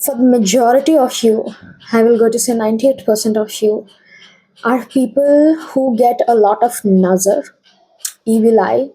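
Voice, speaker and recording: A woman's voice: a little high, moderate pace, mellow, breathy edge, rough recording. A young woman giving a casual tarot reading, chatty and often checking in with her viewers. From India. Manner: chatty, keeps checking in with "okay?". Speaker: tarot reader.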